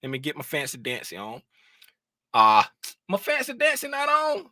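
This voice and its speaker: A bright-toned man talks to his viewers in a slow, rambling way, circling back to the same phrases again and again. His pitch swings widely as he vents and jokes, and the sound is close and dry. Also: no room sound. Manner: animated, rambling, venting with repeated phrases. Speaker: trading educator. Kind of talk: casual live-stream commentary.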